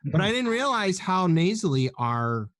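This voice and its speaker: A man's voice: high-pitched, moderate pace, no room sound, clean studio sound. A man from the United States, co-hosting a casual group stream and acting out quotes as he tells stories. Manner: animated storyteller acting out quotes. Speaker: stream co-host.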